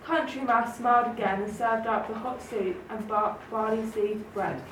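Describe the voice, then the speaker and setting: A woman reading a children's story aloud in a gentle, expressive way. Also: on the high side, moderate pace, slight background noise. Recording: roomy, distant mic, faint ambience.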